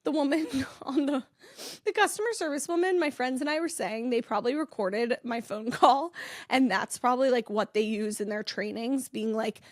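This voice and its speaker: A woman's voice: a little high, moderate pace, no echo, studio quality. Chatty, rambling pregnant young woman. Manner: rambling, chatty, laughs often. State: heavily pregnant. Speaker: influencer and podcast host. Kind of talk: casual chat.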